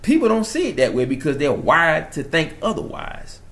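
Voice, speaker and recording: A young man with a New York accent, hosting his own channel and talking straight to his viewers in an excited, preachy monologue that swings from loud to hushed. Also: a little high, moderate pace. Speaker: channel host.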